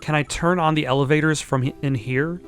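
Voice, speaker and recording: A man's voice: on the high side, steady tone, brisk, natural voice. A persistent young woman investigator asks question after question, as a man voices her. The reading stays close to an everyday voice, over faint game music. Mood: pressing.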